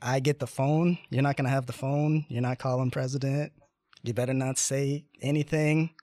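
A man's voice: medium pitch, little pitch movement, moderate pace, warm tone, no echo, clean studio sound, close to an everyday voice. A man putting on the voice of a threatening older male companion in a story.

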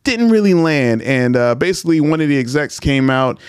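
Smooth-voiced laid-back man chatting. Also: fairly high pitch, expressive, moderate pace, no room sound, clean studio sound. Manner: laid-back, filler-heavy, laughs often. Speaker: podcast host. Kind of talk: casual chat.

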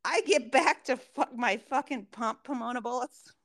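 A young woman co-hosting a podcast, telling a story in a profane, animated way. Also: a little high, normal speed, no echo. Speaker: podcast co-host. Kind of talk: casual chat.

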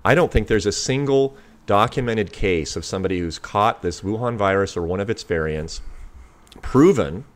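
Deep-voiced doctor speaking emphatically. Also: male voice, expressive, moderate pace. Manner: emphatic and insistent, stressing key words. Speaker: physician guest. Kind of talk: talk-show guest commentary.

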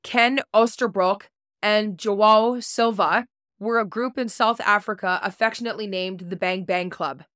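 A woman podcast host reads a prepared story in a blunt, casual way, dropping swear words. She trips over unfamiliar names. Her voice is mid-pitched, recorded close and dry with no room sound. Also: steady tone, unhurried, a bit bright, dry recording. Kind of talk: reading a prepared true-story segment.

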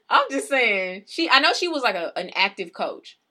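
A young adult woman co-hosting a podcast, arguing in casual chat with an animated, insistent manner and frequent laughs. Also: on the high side, unhurried. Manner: animated, argumentative, laughs often. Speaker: podcast co-host.

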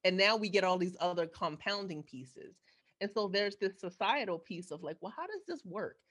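Thoughtful woman host, middle pitch, musing and questioning. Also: animated, moderate pace, fairly bright tone. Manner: reflective, asks probing questions. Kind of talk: casual chat.

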